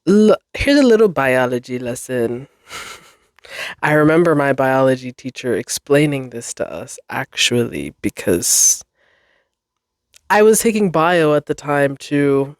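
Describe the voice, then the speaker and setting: Her voice is extremely low-pitched yet animated, and she talks a little slowly. She's a podcast host in her twenties doing a casual solo chat, rambling, self-deprecating, swearing and laughing often, in clean studio sound with no echo.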